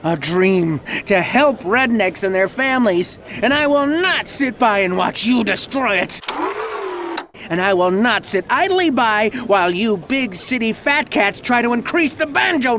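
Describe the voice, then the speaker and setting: An actor with a Southern American accent playing a bombastic, folksy country music promoter who swings from ranting to sheepish. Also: male voice, sits high, background noise. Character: blustering Southern good-old-boy promoter, middle-aged man. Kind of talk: video game voice acting.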